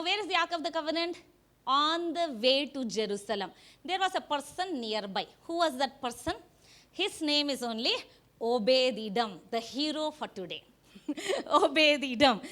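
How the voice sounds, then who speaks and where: A woman pastor preaching a sermon, animated, asking the congregation questions and acting out quotes. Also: high-pitched. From India.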